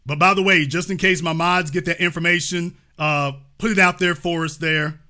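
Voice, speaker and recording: A man's voice: on the high side, steady tone, moderate pace, pushed and bright. A man hosting a call-in show, talking in a mocking, insulting way and repeating his jabs. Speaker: show host. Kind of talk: call-in show arguing with a caller.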